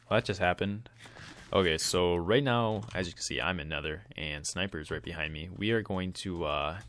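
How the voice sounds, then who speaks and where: A young man giving casual let's-play commentary, excitable and jokey, trash-talking other players and yelping when he gets hit. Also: low-pitched, a little hiss or hum. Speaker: gameplay commentator. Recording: faint keyboard clicks behind.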